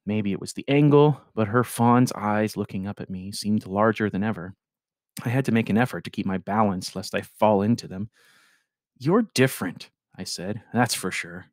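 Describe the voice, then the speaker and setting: A man reading a novel aloud in the first person, with expressive narration. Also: lowish voice, normal speed, no room sound, studio quality. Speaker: audiobook reader. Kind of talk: audiobook narration.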